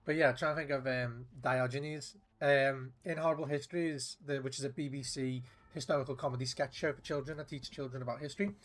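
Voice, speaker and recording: A man's voice: medium pitch, fairly even intonation, brisk, few pauses. A man streaming a video game, chatting casually in a rambling, profane way, with restarts. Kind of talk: casual gameplay commentary.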